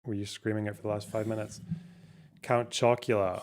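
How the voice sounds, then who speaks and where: A man streaming live reacts to chat and clips in casual conversation, his low voice a bit mellow, flat in delivery, and slightly quick. He swears, sounds disbelieving, and restarts as he works through his thoughts.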